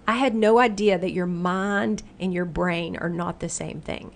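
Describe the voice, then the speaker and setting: Animated middle-aged woman explaining. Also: lowish voice, moderate pace, creaky, hardly any pauses. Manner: animated, acts out the brain's inner voice in playful quotes. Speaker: guest speaker who runs retreats and workshops. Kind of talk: casual explanatory interview talk.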